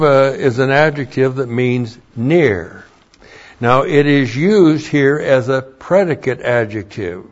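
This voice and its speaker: A male Bible teacher speaks very slowly and deliberately, in a middle-pitched voice, laying out grammar point by point. He spells words out letter by letter and repeats key phrases for emphasis. The recording sounds dull and lo-fi.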